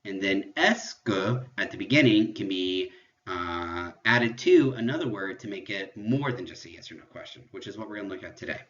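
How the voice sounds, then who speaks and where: A man with a fairly low voice teaches a virtual French class in an upbeat, step-by-step way, moving between English and French. The sound is dull and lo-fi, like a simple home recording. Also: animated, normal speed, a bit bright.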